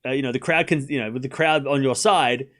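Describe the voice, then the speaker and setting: A man's voice: mid-range voice, a little fast, fairly bright tone. A man hosting a live tennis watchalong stream, rambling casually with lots of "you know" and restarts. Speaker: host.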